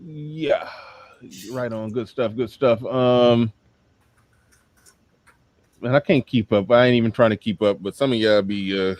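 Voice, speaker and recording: An American man with a mid-range, darkish voice speaks a little slowly, with no room sound. He hosts a livestream, chatting loosely, rambling, laughing often and repeating himself.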